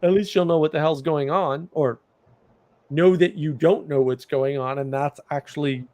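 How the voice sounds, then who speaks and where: A man with a high-pitched voice hosts a casual livestream chat. He tells stories in an animated way and throws in loud, disbelieving reactions. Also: moderate pace, no echo. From United States. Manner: animated, mimics others with incredulous outbursts. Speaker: livestream host.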